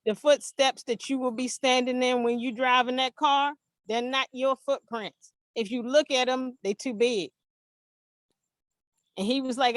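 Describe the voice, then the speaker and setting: A mother telling an animated, emphatic story in an interview, acting out the dialogue. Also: on the high side, a little slow, no room sound. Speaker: interview guest, parent.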